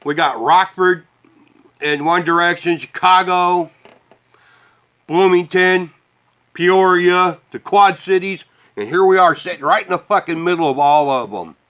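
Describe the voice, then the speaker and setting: This Midwestern vlogger unleashes a profane, heated rant to the camera, breaking into bitter laughs. His voice is high, a little slow, and fairly bright.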